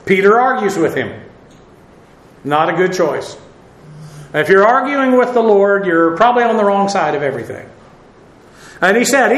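A man with a high-pitched voice delivers a sermon in a loose, conversational manner, peppered with "uh" and off-hand asides. The room around him is echoey. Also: big pitch swings, normal speed. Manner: conversational, folksy, with frequent "uh" and asides. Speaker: preacher.

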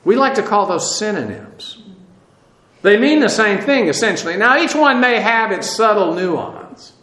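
Male Bible teacher, conversational and digressive, bright tone, reverberant room. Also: high voice, big pitch swings, a little slow. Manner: conversational and digressive, with many fillers and restarts. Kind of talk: verse-by-verse Bible teaching with Greek word study.

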